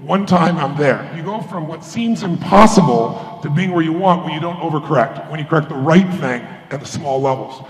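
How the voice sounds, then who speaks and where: This motivational speaker talks briskly with hardly any pauses, his voice on the high side. Giving a keynote to a live audience in a big conference hall, he tells stories and acts out quoted voices, captured in an echoey room with faint ambience.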